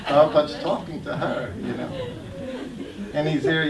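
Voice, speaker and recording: An older man, telling stories about his memories in an animated way and laughing as he goes. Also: a little high, normal speed, a loud crowd. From United States. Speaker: guest speaker sharing memories. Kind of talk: anecdotal storytelling talk. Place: temple hall. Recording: echoey hall, mic at a distance.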